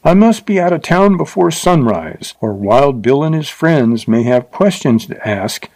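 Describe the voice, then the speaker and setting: A man voicing a confident young Texan horseman who speaks briskly and mockingly in an audiobook. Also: fairly high pitch, animated, a little mellow, dry recording, pitched above the performer's own voice. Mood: urgent.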